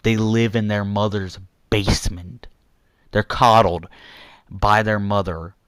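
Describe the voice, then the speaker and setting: A young man rants at his audience in an angry, repetitive way, swinging between insults and apologies. His lowish voice is smooth and clear, and he talks slowly. The sound is dry and close. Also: fairly bright tone, no room sound. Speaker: youtuber ranting to viewers. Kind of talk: angry rant vlog.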